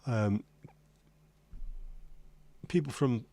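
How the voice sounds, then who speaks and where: A man's voice: medium pitch, drawn-out words, gravelly, dark tone. A man hosting a casual livestream chat, rambling and reading out viewer comments. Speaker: livestream host.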